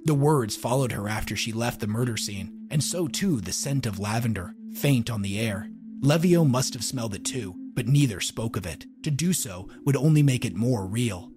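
Male dark-fiction narrator, measured and dramatic, mid-pitched, faint music under. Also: lively intonation.

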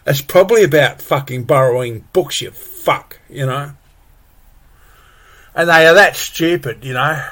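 A man's voice: fairly high pitch, a little slow, sharp tone. A man ranting angrily and profanely, full of exasperated repetitions. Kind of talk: angry solo rant.

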